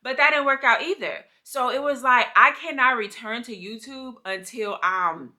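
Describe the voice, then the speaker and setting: A woman's voice: on the high side, normal speed, bright, forceful tone. A woman in her thirties speaking candidly in a personal vlog, heartfelt and slangy, talking straight to her viewers. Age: 30s. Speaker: vlogger.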